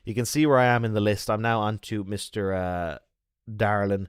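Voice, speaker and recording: A man's voice: on the low side, fairly even intonation, normal speed, clean tone, no echo, studio quality. An Irish man chatting casually with his stream viewers, talkative and rambling. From Ireland.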